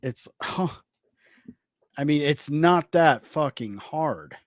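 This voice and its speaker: Higher-voiced man explaining calmly. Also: takes it slowly, no echo, clean studio sound. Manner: reasoned, explaining, rambling. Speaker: podcast co-host. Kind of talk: casual commentary chat.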